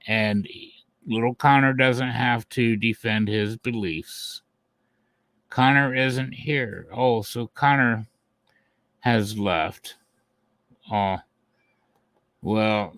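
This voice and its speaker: A man's voice: lowish voice, slow pace, pauses often, a bit bright, no room sound. A man hosting a live stream, talking to his viewers in a taunting, mocking way and chuckling at his opponents. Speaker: channel host.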